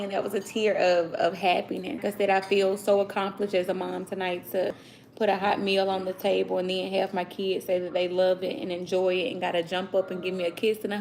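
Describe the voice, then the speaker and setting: In poor-quality audio, a woman in her thirties vlogs casually from her home kitchen, chatting with viewers she calls "y'all" about cooking for her kids. Her mid-range voice is creaky with a darkish tone, and children can be heard talking nearby.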